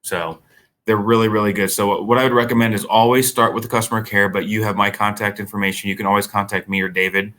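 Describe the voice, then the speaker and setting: A man's voice: lowish voice, fast talker. A man answering questions in a product training session, speaking casually with frequent restarts. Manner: relaxed, conversational, many restarts. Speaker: vendor trainer.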